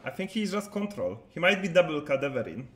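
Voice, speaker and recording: Quick and very animated, a fairly high, slightly bright voice narrates a live card game. The streamer keeps things loose and chatty, fielding viewer chat as he plays, with echo from the room audible throughout.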